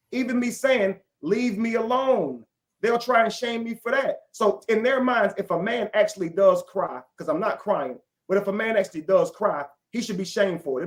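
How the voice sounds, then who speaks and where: A man with a high voice speaks as a guest on a live stream. He sounds indignant and defensive, and he swears freely as he pushes his points. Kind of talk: heated live stream talk.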